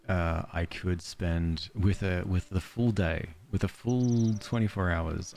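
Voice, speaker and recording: A man's voice: deep voice, creaky, darkish tone. An Australian man streaming a game, chatting casually with his viewers in a rambling, self-deprecating way and chuckling often. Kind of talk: casual let's-play chat, reading chat aloud.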